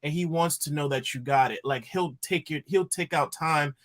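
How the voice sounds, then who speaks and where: A man's voice: on the high side, normal speed. A man on a live audio panel, speaking earnestly in support of a friend. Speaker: panel guest. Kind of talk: casual live audio chat.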